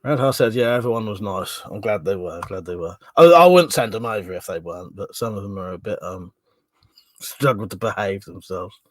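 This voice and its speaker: A man's voice: fairly low pitch, expressive, a little fast, dry recording. A man hosting a casual livestream, chatty and laughing often, with plenty of swearing. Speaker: livestream host. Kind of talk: casual live chat reading comments.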